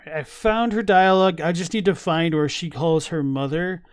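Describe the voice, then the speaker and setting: A man's voice: fairly high pitch, normal speed, clear, resonant tone, no room sound, clean studio sound. A man casually chatting on a live stream, thinking aloud with many fillers and restarts while reading chat messages. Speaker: streamer reacting to game lore.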